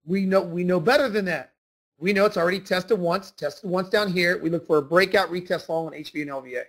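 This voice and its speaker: A man with a notably high voice runs a trading lesson, insistent and emphatic. He repeats his key points again and again, driving each rule home. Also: brisk, fairly bright tone. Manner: emphatic, repetitive, insistent teaching. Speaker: trading instructor. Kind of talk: screen-share trading lesson.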